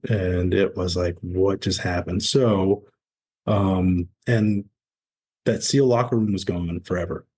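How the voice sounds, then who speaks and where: A man in his forties tells his story as a podcast guest. His voice sits low and sounds husky. He speaks candidly and acts out the dialogue of the people in his story. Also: slow. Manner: candid, animated storyteller acting out quoted dialogue. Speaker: podcast guest, former Navy SEAL. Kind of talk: conversational storytelling interview.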